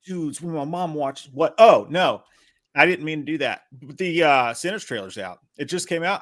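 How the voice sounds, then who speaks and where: Man, co-host, casual movie chat, joking, a bit higher pitched. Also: normal speed. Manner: relaxed, joking, swears casually. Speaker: podcast co-host.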